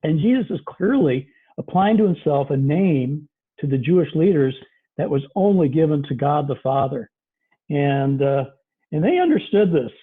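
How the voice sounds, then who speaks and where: A man's voice: on the high side, lively intonation, normal speed, slightly rough. A man preaching a conversational sermon as pastor, with many fillers. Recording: tinny phone-like recording.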